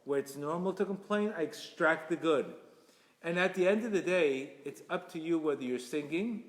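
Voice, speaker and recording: A man giving an inspirational religious talk, emphatic and repetitive, with sudden loud bursts. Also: fairly high pitch, moderate pace. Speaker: Torah teacher. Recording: echoey hall reverb.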